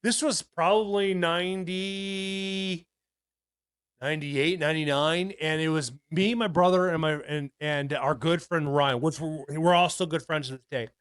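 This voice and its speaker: A man's voice: a little high, steady tone, a little slow, a bit bright, smooth, no echo, studio quality. A man in his thirties co-hosting a podcast, rambling and swearing as he tells stories, with lots of restarts. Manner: rambling, profane, with many restarts. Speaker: podcast co-host. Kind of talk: casual podcast chat.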